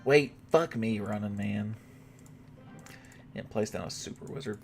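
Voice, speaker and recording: A man's voice: fairly low pitch, measured pace, gravelly, soft background music. A young man with a Southern US accent and a slight twang, chatting casually and cursing freely while streaming a game. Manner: relaxed, rambling, swears freely. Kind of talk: casual chat while gaming.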